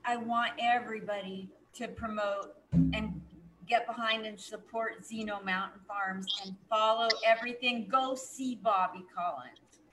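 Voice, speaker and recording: A woman's voice: medium pitch, fairly even intonation, a little slow, fairly bright tone, a little hiss or hum, rough recording. A woman hosting a podcast, chiming in briefly and laughing along with her guest. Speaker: podcast host. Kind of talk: casual interview chat.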